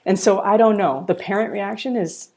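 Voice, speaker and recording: A woman's voice: medium pitch, moderate pace, breathy edge. A middle-aged woman, a college founder, telling earnest stories in a podcast interview. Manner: earnest, animated storyteller.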